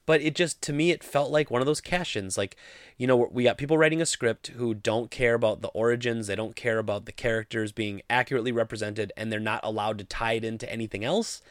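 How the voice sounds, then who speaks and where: A man's voice: medium pitch, steady tone, fast, no room sound, studio quality. A man giving a casual, opinionated movie review, sounding exasperated as he critiques the film.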